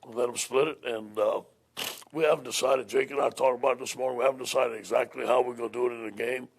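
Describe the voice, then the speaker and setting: A man's voice: mid-range voice, steady tone, fast, gravelly, slight background noise. A man speaking as a head football coach at a press conference, plain-spoken, often repeating and restarting his words.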